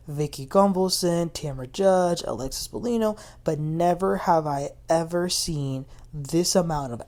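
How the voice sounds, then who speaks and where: A woman's voice: deep voice, darkish tone. Chatty woman gossiping through a show recap. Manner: chatty and gossipy, addresses viewers as "you guys". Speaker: TV recap host. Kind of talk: casual reality-show recap.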